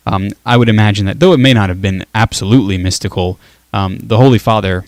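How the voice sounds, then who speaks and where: A man's voice: fairly low pitch, fast, dry recording. A man hosting a casual talk show, chatty and laughing easily as he reads listener comments. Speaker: show host. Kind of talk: casual chat.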